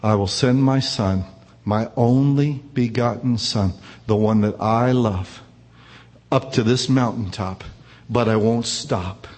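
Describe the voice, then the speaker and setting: Man doing God's voice, solemn, grave, low and husky, long hall echo. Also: takes it slowly, a little mellow. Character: God speaking, solemn and grave.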